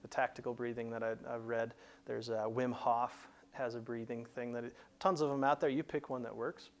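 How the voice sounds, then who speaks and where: A man's voice: medium pitch, flat delivery, moderate pace. A man hosting a career advice show, explaining plainly in a conversational teaching style with frequent restarts. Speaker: career coach host.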